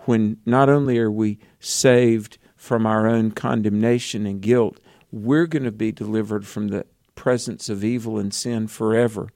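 A man's voice: fairly low pitch, fairly even intonation, measured pace, hardly any pauses, darkish tone, no room sound, studio quality. A man co-hosting a Christian call-in radio show, explaining in an earnest way with frequent fillers.

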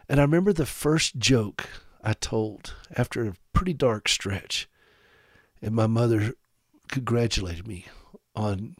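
Male radio host from South Carolina, mid-pitched voice, lively and wry, dry studio sound. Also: dry recording. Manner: animated, sarcastic humor, direct address to listeners. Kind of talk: radio talk monologue.

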